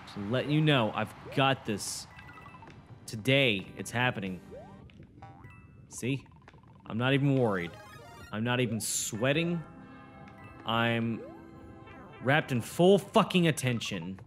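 A man's voice: mid-range voice, animated, slow pace, pauses often, fairly bright tone, soft background music. A young man commentating his own gameplay, swearing, boasting and getting frustrated as he talks to a friend. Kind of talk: swearing let's-play commentary.

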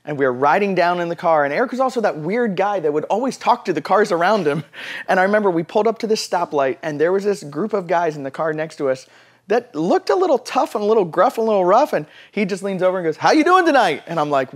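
A man with a fairly high voice asks questions in an interview. He then tells a story with real energy and often repeats words as he starts a sentence. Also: animated, fast. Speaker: interviewer, camp ministry worker.

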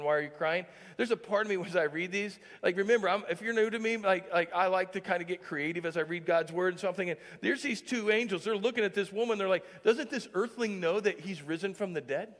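High-voiced male pastor in a reverberant church. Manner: conversational, heavy use of filler "like"; swings from hushed to loud and emphatic. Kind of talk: sermon. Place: church sanctuary. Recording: long church-hall reverb.

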